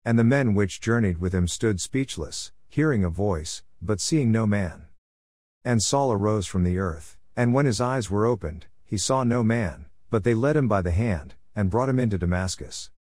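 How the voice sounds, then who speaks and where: A man giving a measured, even reading of scripture in a scripted style. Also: lowish voice, no room sound, studio quality. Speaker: Bible reader.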